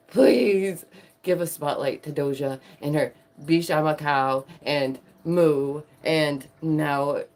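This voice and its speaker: Sarcastic woman vlogger, slightly low voice. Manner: sarcastic, animated, laughs often. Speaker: commentary vlogger. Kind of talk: casual opinion commentary.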